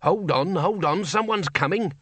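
Male reader doing a jittery senior wizard, hushed and a bit higher, dry close read. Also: moderate pace, husky, no room sound, exaggerated voice. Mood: hissing. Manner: anxious and hushed.

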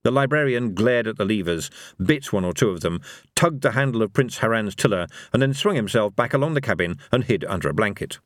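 A man reads an audiobook with a lively, expressive delivery, his pitch moving freely. The recording is dry and close. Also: fairly quick, dry recording. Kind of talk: audiobook narration.

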